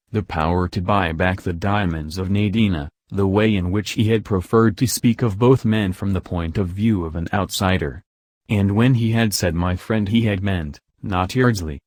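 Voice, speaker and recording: A man reading a novel aloud as an audiobook narrator, measured and even, on a close mic. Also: low voice, no room sound. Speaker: audiobook reader.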